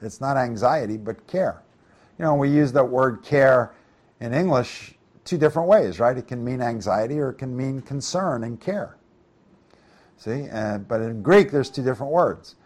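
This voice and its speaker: A middle-aged man leading a Bible study, reading verses aloud and explaining them in a casual, conversational way with questions to the listeners. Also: medium pitch. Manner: reads scripture aloud then explains it conversationally, asks the group questions. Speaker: preacher.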